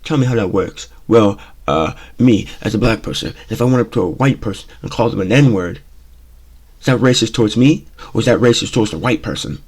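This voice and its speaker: A man's voice: fairly low pitch, a little fast, a little mellow, husky. A man hosting his own talk show, giving blunt, opinionated commentary and often repeating himself with "okay?" and "you know?". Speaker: show host.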